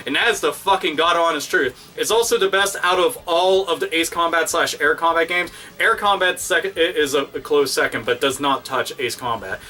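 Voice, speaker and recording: Excitable high-voiced man ranting, swearing constantly. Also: far from the mic. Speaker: video host. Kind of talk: casual profane rant.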